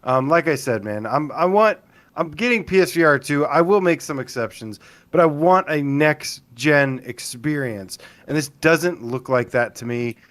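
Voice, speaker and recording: An opinionated man co-hosting a casual gaming podcast, talking in quick bursts and cutting himself off mid-thought. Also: on the high side. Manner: opinionated, animated, self-interrupting. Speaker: podcast co-host.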